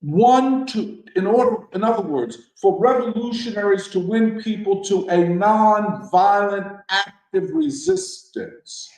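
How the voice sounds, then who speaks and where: A man with a fairly high voice leads a political discussion at an unhurried, deliberate pace. He speaks emphatically and preacherly, piling up rhetorical questions. His voice rings through a very echoey room. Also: darkish tone. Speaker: discussion leader.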